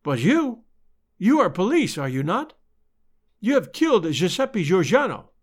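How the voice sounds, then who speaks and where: A man reading aloud and voicing a passionate young Italian wife who speaks in exclamations and halting English, with an Italian accent. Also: high voice, very animated, slightly rough, full character voice. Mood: excited.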